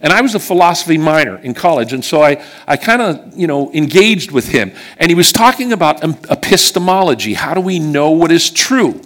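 A man's voice: on the high side, animated, fairly quick, hardly any pauses, a bit bright. A middle-aged man from western Pennsylvania preaching a sermon, telling a personal story in a chatty way and checking in with the congregation as he goes.

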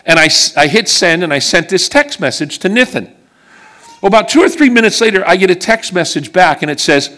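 An earnest man preaching to his church in a fairly high voice. He tells stories with emphasis and sinks low and soft on the words that matter most. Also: lively intonation, normal speed. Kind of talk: sermon with personal stories. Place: church service before a congregation.

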